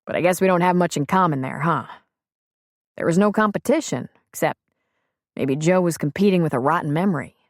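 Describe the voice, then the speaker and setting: A woman voicing a frank, plain-spoken man on the phone in an audiobook, gently persuasive. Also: on the low side, fairly quick, no room sound, clean studio sound, close to an everyday voice. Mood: earnest. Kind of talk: audiobook character reading.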